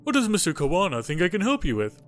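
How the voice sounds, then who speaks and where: A man voicing a courteous, rambling old male historian who talks in a slow, formal way, with faint game music behind. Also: high voice, huge pitch swings.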